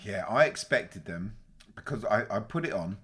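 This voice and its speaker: Guy on a podcast, lowish voice, swears a lot, teasing and lively. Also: normal speed, breathy edge. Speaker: podcast co-host. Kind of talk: casual chat.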